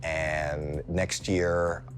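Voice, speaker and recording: Over soft background music, a man in his sixties, appearing as a celebrity guest, tells a story extremely slowly in a casual chat. He brings lively comic timing, jumping into high-pitched yelps as he performs the scenes.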